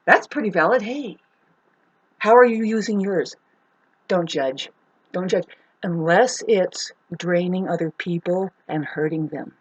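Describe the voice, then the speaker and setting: A woman's voice: lowish voice, a little slow, husky, dull audio. A woman delivering a rambling spiritual monologue from home, swearing and breaking into emphatic outbursts. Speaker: spiritual astrology vlogger.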